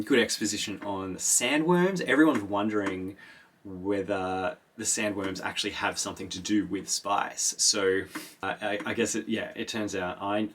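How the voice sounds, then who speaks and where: A man's voice: on the low side, a bit bright, a little hiss or hum. A man hosting a podcast, recapping a book in a casual, rambling way, swearing and acting out the characters' reactions. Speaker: podcast host.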